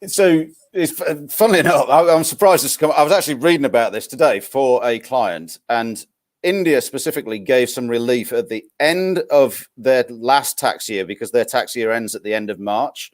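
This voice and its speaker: A man's voice: mid-range voice, expressive, normal speed. A man from northern England with a Northern English accent, a guest expert chatting casually and explaining tax rules with frequent restarts. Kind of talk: casual live-stream chat.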